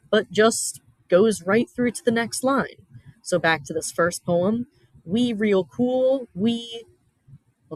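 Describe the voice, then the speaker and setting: Female teacher, patient lecturer, slow and deliberate delivery, dry close sound. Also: dry recording, rough recording. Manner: patient, explains step by step with everyday comparisons; stresses key terms by slowing down and lifting pitch. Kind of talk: recorded classroom lecture.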